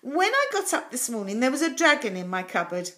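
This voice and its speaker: A woman voicing an eager, earnest young boy in a children's storybook reading, with a bright, raised pitch. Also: big pitch swings, a little fast.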